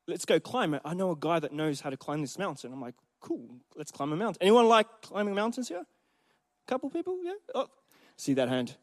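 A man preaching a sermon in a church, telling a story in an animated way and speaking directly to the congregation. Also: a little high, brisk.

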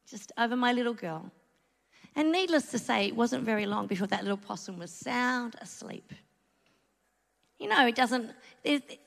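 A woman's voice: a little high, pushed and bright. A middle-aged Australian woman giving a sermon, telling a personal story in a chatty, earnest way with asides. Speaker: church speaker. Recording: long hall reverb.

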